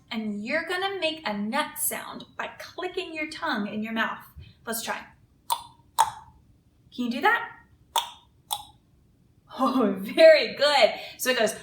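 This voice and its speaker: A children's librarian leading kids in a song, talking in a cheerful and encouraging manner. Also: female voice, sits high, very animated, a little slow, pushed and bright, a little hiss or hum. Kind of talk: leading a children's sing-along. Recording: echoey room, far from the mic. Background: ukulele.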